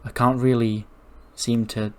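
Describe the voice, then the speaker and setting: A man's voice: medium pitch, level tone, unhurried, lightly acted. A man voicing a discouraged young female wrestler who doubts herself. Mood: dejected. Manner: dejected, self-doubting.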